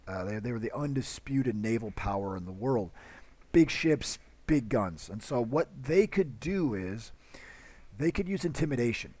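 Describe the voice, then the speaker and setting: A man's voice: medium pitch, lively intonation, normal speed, warm tone. Man giving a casual, chatty history lecture. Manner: conversational, with many fillers and acted-out quotes. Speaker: history teacher.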